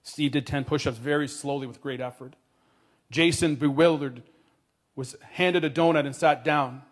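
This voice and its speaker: A man telling a story in a sermon, earnest, dropping his voice quietly at tender moments. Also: a little high, fairly even intonation, moderate pace.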